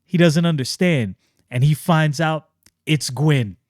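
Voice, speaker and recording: A man hosting a casual comic book review, excitable and slangy, often restarting his sentences. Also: fairly high pitch, slow, no echo, clean studio sound.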